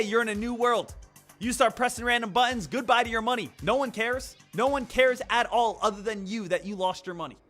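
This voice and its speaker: A man's voice: sits high, a bit bright. A man streaming about stock trading, lecturing emphatically and repeating phrases for effect. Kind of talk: live-stream motivational talk.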